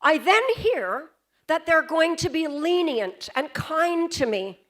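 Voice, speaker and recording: A high-voiced woman delivers a keynote from a convention stage at a slow, deliberate pace. She tells a story with dramatic pauses and keeps turning to the audience with questions. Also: lively intonation, a bit bright. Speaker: keynote speaker.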